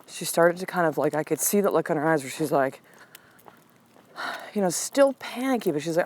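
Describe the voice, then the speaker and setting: A middle-aged woman with a fairly low voice tells a personal story as a podcast host. She talks candidly and with feeling, easing into soft, slow affirmations. A faint hum sits under the recording. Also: low-quality recording. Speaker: podcast host and life coach.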